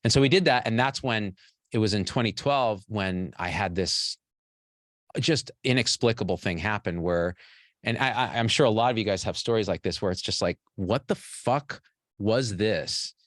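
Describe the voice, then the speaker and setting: A man's voice: fairly low pitch, normal speed, a bit bright, dry recording, studio quality. A man in his forties, a physician and show host, telling a personal story to an audience in a candid, rambling and profane way. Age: 40s.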